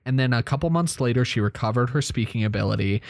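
Lively podcast host leading the chat. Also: medium pitch, quick pace, gravelly, no echo. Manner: animated, reading out topics.

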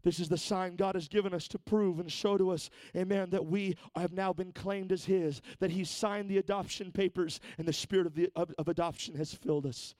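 A man's voice: high voice, fairly even intonation, a little fast, hardly any pauses, darkish tone, no room sound. A man preaching a Pentecostal sermon in church, repeating words as he moves from conversational talk to fervent exhortation. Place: church sanctuary.

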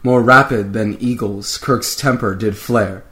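A man's voice: fairly low pitch, unhurried. Man reading a rhyming holiday poem. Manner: lively reading, raising his voice for quoted lines. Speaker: podcast co-host reading a story.

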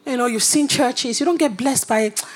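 A woman preaching a sermon, animated and humorous, dropping to whispers and rising to shouts. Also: high-pitched, moderate pace.

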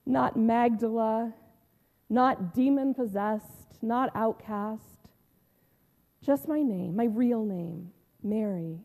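In a large hall, a woman pastor speaks as a mourning, devoted disciple in a first-person sermon retelling. Her voice is a little high, and her awed, heartfelt delivery includes long pauses and soft drops.

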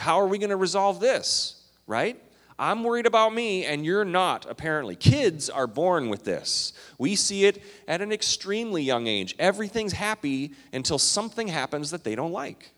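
Man, pastor, from Minnesota and Canada, sermon, conversational, lively pitch, long hall reverb. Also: moderate pace. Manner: animated, conversational, swinging between loud emphasis and quiet asides.

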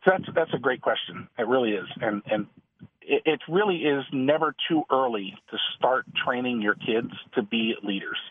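A middle-aged man, a guest author, telling a lively story and acting out the dialogue in a radio interview. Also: mid-range voice, normal speed, slight background noise. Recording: husky, dry, phone-line sound.

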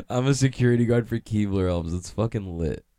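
Young male comic, casual rambling stand-up, deep dry voice, cursing freely. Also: mellow, no room sound. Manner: rambling, profane, self-mocking, laughs often. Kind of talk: casual comedic monologue.

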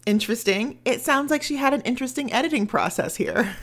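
A woman's voice: a little high, lively intonation, fairly quick, fairly bright tone. A woman co-hosting a casual book podcast, talking in a chatty, eager way and rattling off lists.

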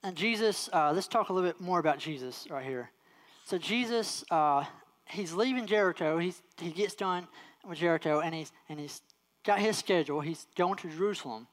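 A preacher delivers a sermon to a congregation. The delivery leans on repetition, says key phrases again and again, and slows right down on the words meant to land. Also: medium pitch. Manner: repeats key phrases for emphasis and acts out quoted voices.

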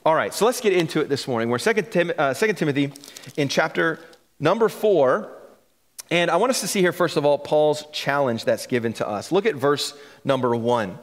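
A male pastor delivers a sermon in a high, light voice. His delivery is loose and conversational, with phrases drawn out for emphasis and a chuckle here and there. The sound carries a long reverb, as from a large church hall. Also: animated, fairly quick. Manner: conversational preaching, drawls key phrases, chuckles.

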